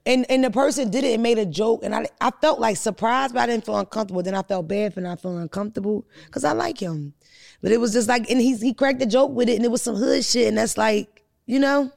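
A woman's voice: a little high, fast, creaky, a little mellow. A woman comedian hosting a podcast, chatting casually with blunt, profane storytelling.

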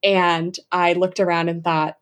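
A young adult woman chatting as an enthusiastic travel guest, full of fillers and quick asides. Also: fairly low pitch, little pitch movement. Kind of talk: casual interview chat.

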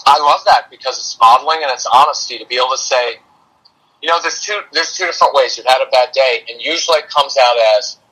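A parenting coach appearing as a guest on a casual podcast talks practically and plainly, with dry sarcasm and a knack for explaining through analogies. His medium-pitched voice is pushed, bright, and slightly rough, he speaks quickly, and the recording is rough.

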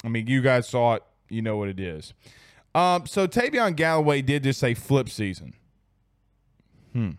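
Medium-pitched with big swings in pitch, a young sports show host talks at normal speed and pauses often during his late-night live stream at home. Reading out viewer comments, he's laid-back and slangy, repeating himself, in a dry, studio-quality recording.

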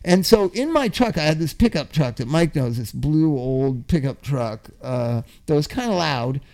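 An older man with a high, very lively voice spins a rambling recovery story in a casual chat. He swears freely, laughs at his own jokes and shouts out the lines he once yelled. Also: moderate pace. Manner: animated storyteller, swears, laughs often, acts out yelling.

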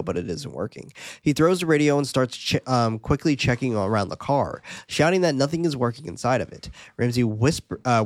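Man, casual podcast host, plot recap, mid-pitched voice, dry close sound. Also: no echo. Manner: laid-back, laughs at his own asides, reads plot summary aloud.

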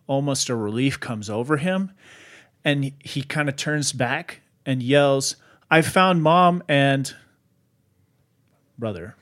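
A man casually retelling a paranormal story on a podcast, animated and full of fillers. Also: medium pitch. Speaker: podcast host.

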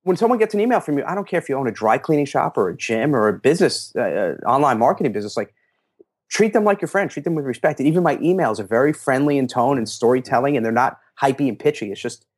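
A middle-aged man, a guest in a casual interview, telling animated stories and acting out quotes in a raised voice. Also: medium pitch, fast talker, slightly rough. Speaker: interview guest, fitness marketer.

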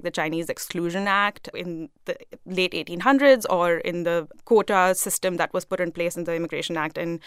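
A female reporter guest in a studio, explaining quickly and earnestly. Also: fairly low pitch, a bit bright, clean tone, no echo. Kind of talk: conversational interview.

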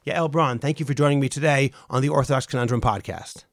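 A man hosting a podcast, reading a scripted intro in a clear, steady way and then asking interview questions. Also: medium pitch, quick pace, dry recording, clean studio sound. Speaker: podcast host.

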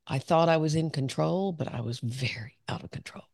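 Woman, psychologist guest, candid reflective storytelling, gravelly voice, dry close sound. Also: sits low, fairly quick, darkish tone, no room sound. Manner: reflective, self-revealing, laughs often. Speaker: clinical psychologist, podcast guest.

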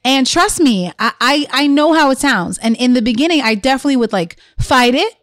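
A woman co-hosting a podcast, chatting casually and telling animated stories about her kids. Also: high-pitched, fairly quick, dry recording, studio quality. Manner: animated storytelling with quoted voices. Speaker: podcast co-host. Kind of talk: casual chat.

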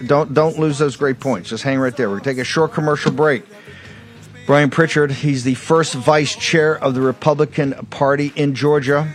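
A man's voice: fairly high pitch, fairly even intonation, moderate pace, soft background music. A man hosting a political talk show, brusque and urgent, cutting in and moving things along.

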